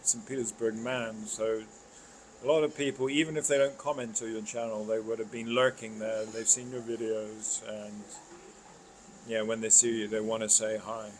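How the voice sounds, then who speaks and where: A man's voice: lowish voice, flat delivery, normal speed, slight background noise, rough recording. A British man chatting as a guest on a live stream, laid-back and dryly joking. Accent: British English. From Britain. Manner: laid-back, dry humour. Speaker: guest YouTuber. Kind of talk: casual live stream chat.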